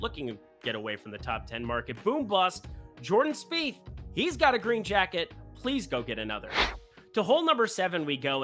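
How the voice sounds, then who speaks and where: An upbeat, jokey sports betting host running through golf picks in a casual way. The voice is bright and swings widely in pitch, often lifting phrases into a question-like rise.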